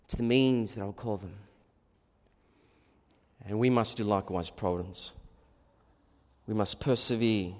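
Slow, fervent preacher in an echoing hall. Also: male voice, on the low side. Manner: swings from quiet musing to loud fervent exhortation. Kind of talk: expository sermon.

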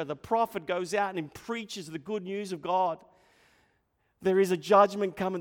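Male preacher, high voice, impassioned sermon delivery with hushed and loud swings, long reverberant church hall.

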